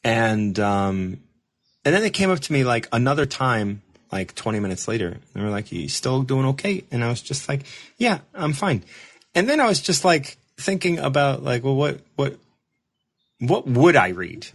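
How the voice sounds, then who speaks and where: A man hosting a show, telling a rambling, self-mocking story in casual chat, animated, with laughs and restarts. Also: mid-range voice, moderate pace. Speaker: show host.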